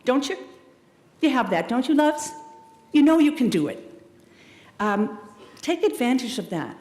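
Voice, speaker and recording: A middle-aged woman giving a commencement speech. She talks to the graduates in a warm, emphatic way, calls them "loves" and "darlings", and throws in playful, dramatic asides. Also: high-pitched, sing-song, measured pace. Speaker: commencement speaker. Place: large hall at a school ceremony. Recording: echoey hall, long reverb.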